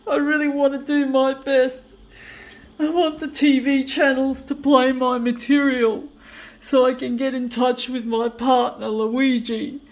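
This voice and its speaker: High-voiced upset woman rambling slowly. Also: little pitch movement, a little mellow. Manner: self-critical, repetitive, keeps saying folks. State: upset, shaky, on the verge of tears. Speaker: artist. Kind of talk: rambling monologue to camera.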